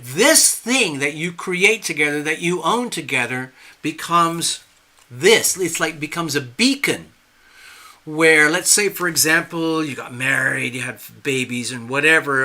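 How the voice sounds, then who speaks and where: A man's voice: on the high side, bright, forceful tone. A man giving a tarot reading on a live stream, earnest and reassuring, often checking in with the listener. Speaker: tarot reader.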